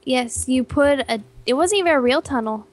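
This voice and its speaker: A young woman with a high voice trades casual banter while playing a game with a partner. She grumbles and sulks, teasing back flatly. The sound is close and dry. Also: moderate pace, no room sound. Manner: sulky, grumbling. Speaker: co-op player.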